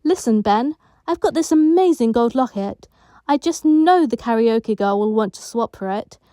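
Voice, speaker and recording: A woman's voice: normal speed, no room sound, studio quality, lightly acted. A woman voicing a bold, bossy ten-year-old girl in care, brash and boastful. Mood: eager. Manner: brash, boastful, shrill when excited.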